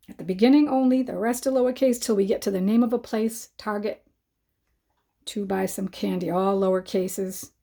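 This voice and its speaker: A woman teacher giving a writing lesson to young children, talking slowly and clearly and sounding out each word as she writes. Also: medium pitch, mellow. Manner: slow, clear dictation for young learners.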